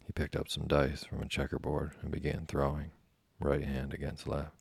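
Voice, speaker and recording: A man reading a classic novel aloud as a sleep story, in a slow, hushed, even voice. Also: very deep voice, creaky, slightly rough, dry recording.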